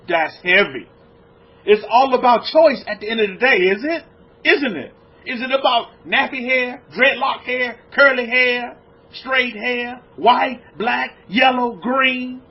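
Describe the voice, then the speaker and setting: Husky high-voiced man preaching emphatically. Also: expressive, measured pace. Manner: emphatic, rhetorical questions, swings from loud exclamations to low hushed lines. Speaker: rabbi teaching a congregation. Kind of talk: preaching a lecture-sermon. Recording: dull lo-fi recording.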